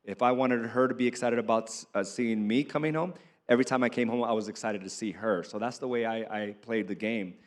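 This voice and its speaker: A man speaking on a panel, reflective and halting as he talks about being a father. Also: medium pitch.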